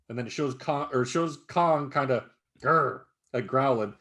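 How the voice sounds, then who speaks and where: This podcast co-host, a man of medium pitch and moderate pace, keeps the casual chat lively. He curses nonstop and performs movie scenes as he recounts them.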